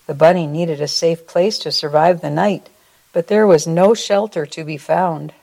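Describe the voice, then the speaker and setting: Her voice low-pitched and gravelly, a woman reads a children's tale at a church service. The reading is slow and expressive and closes with a brief prayer.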